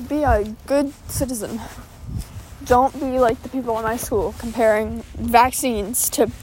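A teenage girl with a high, bright voice chats away into her phone while out walking her dog. She rambles casually, full of fillers and quick asides. A faint hum of outdoor noise sits behind her. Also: steady tone. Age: teens. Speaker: vlogger. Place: outdoors on a walk.

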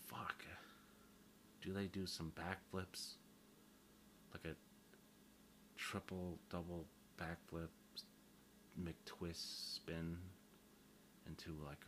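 A man's voice: sits low, fairly bright tone, slight background noise. A man, rambling through a casual solo monologue, crude and joking, swearing freely and poking fun at himself.

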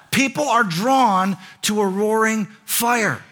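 A man's voice: extremely high pitch, moderate pace, hardly any pauses, pushed and bright. A man preaching a sermon as pastor, conversational in tone and building to emphatic repeated lines.

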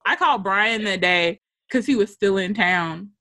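A woman co-hosting a casual chat, telling a work story with animated delivery, swearing and acting out quotes. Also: medium pitch, normal speed.

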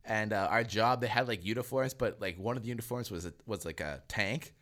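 A man's voice: fairly low pitch, a little fast, a bit bright. A young man from Manitoba, Canada, co-hosting a podcast and telling stories in a casual, profane, rambling way. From Selkirk, Manitoba, Canada. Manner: profane, rambling storyteller with many restarts. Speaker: podcast co-host. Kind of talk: casual chat.

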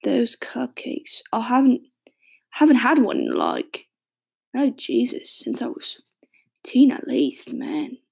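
Woman playing a gravelly British smoker man. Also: on the high side, huge pitch swings, slow pace, darkish tone, in a whisper, exaggerated voice. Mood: wistful, rambling. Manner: hesitant, rambling, many restarts. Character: raspy adult male smoker reading his childhood diary. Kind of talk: audio drama monologue.

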